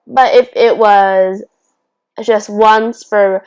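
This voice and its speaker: A young woman chatting casually on her own vlog, answering would-you-rather questions with quick restarts, giggly asides and frequent self-interruptions. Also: mid-range voice, fairly even intonation, a little mellow, clean tone, low-quality recording. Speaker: YouTuber.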